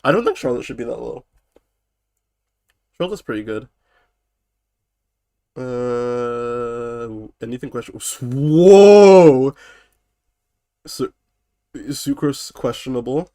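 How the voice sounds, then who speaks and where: A man's voice: medium pitch, animated, takes it slowly, long pauses, warm tone, dry recording, studio quality. A man casually reacting on a live stream, swearing and scoffing in disbelief. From United Kingdom. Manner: incredulous, swearing, laughing mockery.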